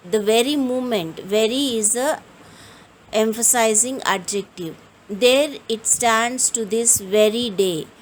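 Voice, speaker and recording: A woman with a fairly high voice leads a grammar lesson at a very unhurried pace. She spells out each rule with care and reads example sentences aloud one by one, with a faint hiss behind her. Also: low-quality recording. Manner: slow, deliberate explaining, reading out example sentences. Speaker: English teacher.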